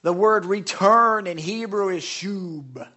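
A preacher delivering a sermon in an animated, excitable way, swinging between loud exhortation and hushed, soft lines, with frequent restarts. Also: mid-range voice, slow pace, highs cut off. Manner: excitable, with restarts and self-corrections.

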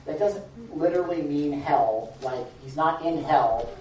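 A man's voice: fairly high pitch, a little slow, darkish tone, a little hiss or hum. A man preaching an informal sermon, telling stories dramatically and checking in with his listeners in a conversational way. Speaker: preacher, Bible teacher. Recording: echoey, distant, dull room recording.

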